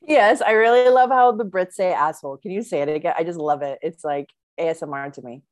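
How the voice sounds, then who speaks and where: A woman's voice: fairly low pitch, a little fast, no room sound. A woman hosting a podcast, chatting enthusiastically and casually with lots of fillers and giggles. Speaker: podcast host.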